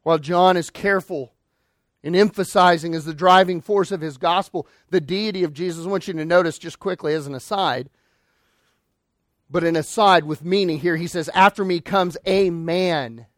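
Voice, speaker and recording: A man preaching a sermon as pastor, emphatic, swinging between loud declarations and quiet, low lines. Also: normal speed, no room sound, studio quality.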